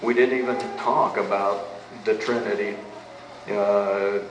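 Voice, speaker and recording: A pastor in the middle of a sermon, his voice sitting somewhat low. He drives points home with questions he answers himself. The recording catches him from a distance in a reverberant church, with a faint hiss underneath. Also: steady tone, slow pace. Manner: emphatic, asks and answers rhetorical questions. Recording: echoey room, mic at a distance, faint background noise.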